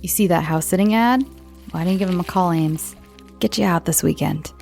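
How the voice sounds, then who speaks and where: A woman's voice: lowish voice, brisk, vocal fry, a little mellow, soft background music. A distracted dad, as an American woman reads him. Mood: offhand. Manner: offhand, casual. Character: a distracted middle-aged dad.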